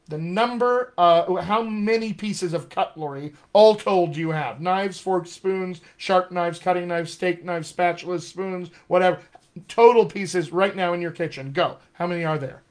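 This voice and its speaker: Man, dialect coach, General American accent, energetic and emphatic, slightly high voice. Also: a little slow. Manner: energetic, emphatic teacher, thinks aloud. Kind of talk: live-streamed accent lesson. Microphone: webcam or phone mic.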